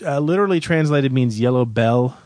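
A man hosting a casual podcast about music, explaining facts about a band in a relaxed, informative way. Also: mid-range voice, fairly quick, no room sound, clean studio sound. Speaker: host. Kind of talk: casual radio podcast chat.

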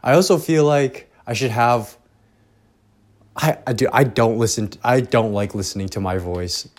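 A man's voice: mid-range voice, moderate pace. A young man hosting a podcast alone, rambling casually with lots of swearing and self-deprecating asides. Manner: profane, self-deprecating, trailing off. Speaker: podcast host. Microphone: headphones and home recording setup.

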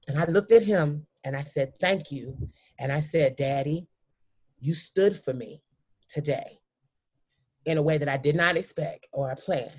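A woman telling a heartfelt personal story as a guest, emphatic and sometimes halting, often speaking straight to the listeners. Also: low-pitched, darkish tone, slightly rough.

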